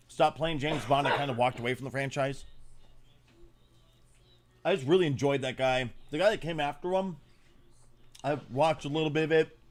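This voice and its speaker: Blunt, profane man hosting a livestream. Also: fairly high pitch. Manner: trails off searching for names. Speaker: livestream host. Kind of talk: casual reaction chat.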